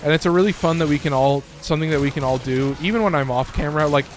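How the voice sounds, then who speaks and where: Young male streamer, loose and rambling, swears freely, voice cracking now and then; a bit high, faint background noise. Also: quick pace. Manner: loose, rambling, swears often, lots of fillers. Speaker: gaming streamer. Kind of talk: casual gameplay commentary.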